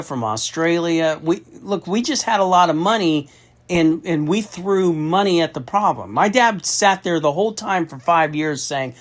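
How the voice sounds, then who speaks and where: Profane, emphatic middle-aged man telling a story. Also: a little high. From Austin, Texas. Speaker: federal contracting consultant. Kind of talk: storytelling in a phone conversation.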